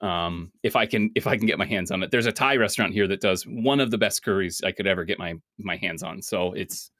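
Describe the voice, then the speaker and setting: A man co-hosting a casual chat show, rambling and animated, swearing freely as he jumps between topics. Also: sits low, a little fast, no room sound, clean studio sound. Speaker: podcast co-host.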